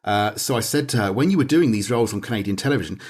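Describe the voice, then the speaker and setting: Fast-talking British man chatting. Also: on the low side, expressive. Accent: British English. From Britain. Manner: rambling, digressive, reads aloud from notes. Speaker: podcast guest discussing documentary. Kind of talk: casual chat.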